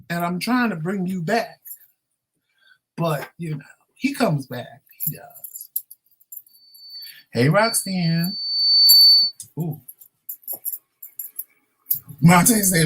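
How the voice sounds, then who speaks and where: Animated man ranting about his marriage. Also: fairly high pitch, measured pace, long pauses, slightly rough. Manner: animated storytelling, acts out both sides with loud shouted quotes. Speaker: vlogger.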